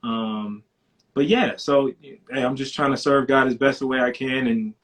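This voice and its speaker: A man from New Orleans joins a casual live-stream interview as a guest. He talks in a relaxed, hesitant way with many fillers. His voice comes through a laptop mic. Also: medium pitch, moderate pace. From New Orleans, USA. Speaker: guest, prosecutor.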